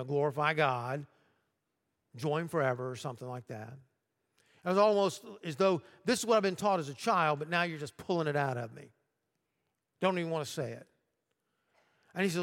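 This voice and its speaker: A male pastor delivering a sermon, swinging from quiet, low asides to loud, urgent outbursts. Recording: long hall reverb.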